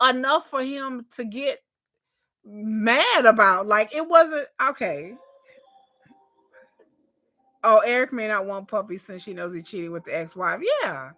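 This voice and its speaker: A woman's voice: on the high side, expressive, normal speed, bright, forceful tone. A woman giving casual reaction commentary on a reality show, chatty and repetitive, swearing and talking straight to her viewers. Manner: chatty, repeats herself, swears, addresses viewers as y'all.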